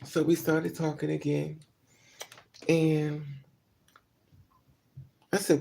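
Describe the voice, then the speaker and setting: A woman with a gravelly, creaky voice talks straight to her viewers in a casual storytime. Her tone is dark and mellow, and she is blunt and profane. A faint hiss sits under her voice. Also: low voice, little pitch movement, drawn-out words. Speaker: vlogger.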